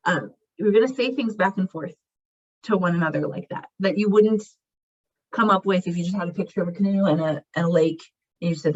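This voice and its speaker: A woman's voice: medium pitch, a little fast, slightly rough. A woman giving a recorded presentation on language teaching, talking in a conversational way and acting out short example phrases. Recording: muffled lo-fi recording.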